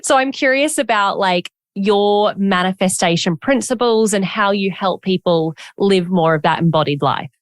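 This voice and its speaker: A woman's voice: mid-range voice, moderate pace, few pauses, dry recording, clean studio sound. A woman hosting a podcast, chatty and personal, who affirms her guest often and shares her own stories. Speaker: podcast host. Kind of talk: casual interview chat.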